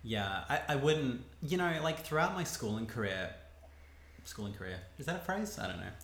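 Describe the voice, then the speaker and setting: A man's voice: medium pitch, very animated, normal speed, a bit bright. A man co-hosting a casual chat, thoughtful, restarting and hedging as he builds a point. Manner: thoughtful, restarts and hedges while building an argument. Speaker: podcast co-host. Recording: roomy echo with faint background noise.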